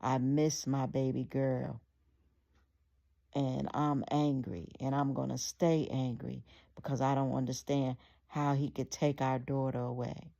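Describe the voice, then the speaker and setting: A man's voice: mid-range voice, level tone, measured pace, gravelly, muffled recording. Angry grieving husband, read by a woman. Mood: bitter. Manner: bitter, shouting in rage. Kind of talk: read-aloud storytelling.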